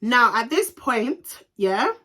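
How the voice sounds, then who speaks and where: A young woman telling a heated storytime, animated and swearing freely. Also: a little high, slow pace. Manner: animated, heated and expletive-laden. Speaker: vlogger. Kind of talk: storytime vlog.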